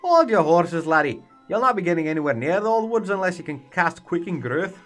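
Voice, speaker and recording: A man voicing a gruff, folksy Scottish man from a video game in an imitated Scottish accent, reading the lines in a brusque, chummy way. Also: sits high, sing-song, a little fast, a bit bright, faint music behind, pitched above the performer's own voice. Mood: teasing. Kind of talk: reading game dialogue aloud in a put-on voice.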